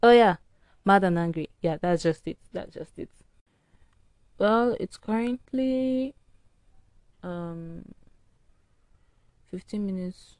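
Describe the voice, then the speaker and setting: A woman's voice: mid-range voice, takes it slowly, pauses often, a little mellow, dry recording. A tired woman hosting a solo podcast, rambling frankly in a casual early-morning rant. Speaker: podcast host. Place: indoors at home early morning.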